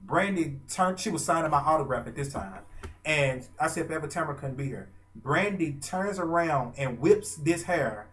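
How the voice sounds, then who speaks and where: A man, telling a story in a casual, gushing way with dramatic pauses. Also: fairly high pitch, lively intonation. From Arkansas. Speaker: vlogger and fan.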